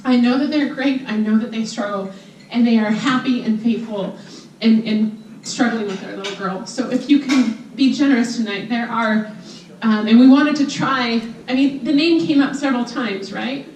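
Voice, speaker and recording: A woman in her thirties speaks to a reunion crowd in a chatty, emotional, rambling way. Her voice sits a bit high. She is heard from a distance in a roomy, echoey hall. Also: moderate pace, darkish tone, slight background noise. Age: 30s. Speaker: reunion organizer. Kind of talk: informal announcements to a crowd.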